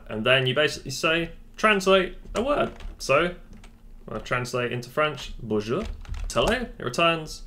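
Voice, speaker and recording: Chatty man explaining software. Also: mid-range voice, a little hiss or hum. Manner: chatty, joking, self-deprecating. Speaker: tech tutorial host. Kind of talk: casual screen-recorded tutorial. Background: faint keyboard typing.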